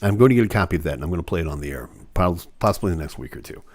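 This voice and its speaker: A man's voice: deep voice, expressive, very fast. A man hosting a live online show, chatting casually with viewers and going off on joking, rambling rants.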